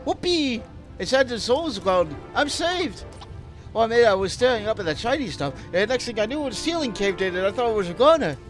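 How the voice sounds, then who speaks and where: A man voicing a small, excitable creature who was trapped in a cave-in, speaking in a squeaky, high, loud voice. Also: fairly quick, soft background music. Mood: excited.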